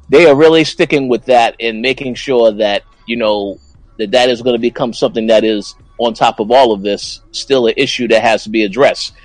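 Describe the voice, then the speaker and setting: A man's voice: medium pitch, dry recording, rough recording. A man co-hosting a casual TV recap podcast, breaking down scenes with frequent stammering restarts. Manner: stammering restarts, animated analysis. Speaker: podcast co-host.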